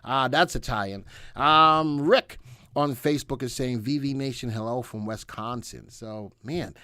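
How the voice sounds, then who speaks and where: A man's voice: on the high side, a bit bright, dry recording, clean studio sound. A man hosting a casual live stream as a senior instructor, chatting and reading viewer comments aloud. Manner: chatty, reads out viewer comments, talks to an off-camera helper. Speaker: senior instructor and livestream host.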